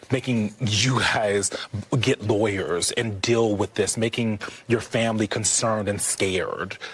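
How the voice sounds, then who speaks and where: A man hosting a TV news program poses a long, earnest question. His voice is low and husky. It sounds close and dry. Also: no echo. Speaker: TV news host. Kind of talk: TV interview question.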